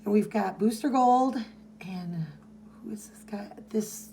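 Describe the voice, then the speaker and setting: A woman's voice: medium pitch, measured pace, vocal fry, dark tone, slight background noise. A woman co-hosting a podcast, chatting casually as she recaps a comic and reads its dialogue in playful voices. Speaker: podcast co-host.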